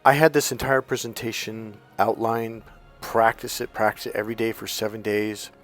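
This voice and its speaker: Animated male dating coach telling a story. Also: on the low side, normal speed, soft background music. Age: young adult. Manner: animated, swears and acts out quotes. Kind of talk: casual storytelling monologue.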